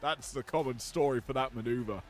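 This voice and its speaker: A man calling a wrestling match play-by-play, drifting between relaxed chatty asides and louder calls on big moves, with a slight growl in his voice. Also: mid-range voice, fairly quick, soft background music. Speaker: wrestling commentator. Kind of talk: play-by-play commentary on a simulated match.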